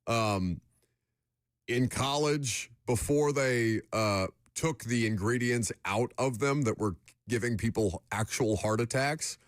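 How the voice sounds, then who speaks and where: A young adult man hosting a casual sports radio show, joking and rambling with quick asides. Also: medium pitch, no room sound, studio quality. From United States. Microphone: studio microphone.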